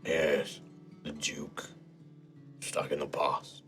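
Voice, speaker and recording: A defeated old scholar villain, as a man puts him on, hushed and brooding, his words sinking low and falling almost to a whisper. Faint music plays underneath. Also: little pitch movement, drawn-out words, full character voice. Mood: bitter, defeated.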